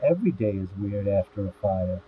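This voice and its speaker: A man voicing a gruff middle-aged father, blunt and curt in a script reading. His voice is fairly low, and it comes through thin and phone-like over faint noise. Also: sing-song, brisk. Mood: grim. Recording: tinny phone-like audio with faint hiss.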